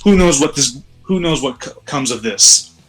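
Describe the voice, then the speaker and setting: A man's voice: medium pitch, lively intonation, moderate pace, soft background music, low-quality recording. A young man narrating a game casually, rambling and swearing, a bit tipsy. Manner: rambling, profane, jokey. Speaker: game streamer. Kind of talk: casual let's-play narration.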